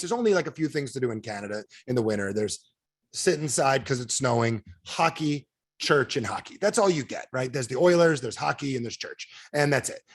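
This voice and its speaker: Guy coaching sales on a zoom call, voice bounces all over, keeps asking the crowd stuff. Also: slightly rough. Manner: animated, asks the audience questions, acts out quotes in a higher voice. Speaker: sales trainer on a video call. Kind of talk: energetic coaching talk. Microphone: video call.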